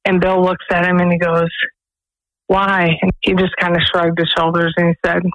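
A woman's voice: on the low side, flat delivery, normal speed, no echo, rough recording. A woman, director of a pregnancy resource center, earnestly telling stories as a guest on a radio interview in a studio. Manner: earnest storytelling, quoting others.

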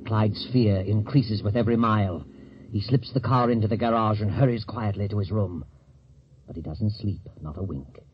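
A man playing a mysterious male narrator who walks by night, telling the tale in a slow, ominous 1940s radio drama style. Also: slight background noise, close to an everyday voice. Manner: ominous, low, taunting second-person narration. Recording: muffled old radio broadcast.

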